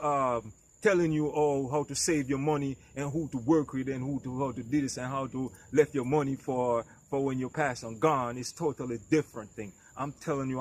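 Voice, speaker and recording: A man's voice: medium pitch, slight background noise. A middle-aged man giving emphatic, preachy advice straight to camera in a vlog. He keeps asking the listener if they understand, and he often stumbles and repeats words. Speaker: vlogger. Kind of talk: direct-to-camera advice rant.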